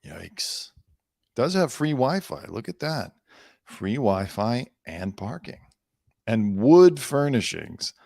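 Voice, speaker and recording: A man's voice: medium pitch, big pitch swings, slow pace, vocal fry, darkish tone, no room sound, studio quality. A man hosting an entertainment news show, reading headlines aloud and breaking off into sarcastic, rambling riffs. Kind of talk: casual news commentary.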